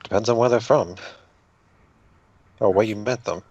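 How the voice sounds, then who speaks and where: A man voicing a young male wizard, polite, measured and slightly formal. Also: fairly low pitch, a little mellow, slightly rough, no room sound. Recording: dull lo-fi mic.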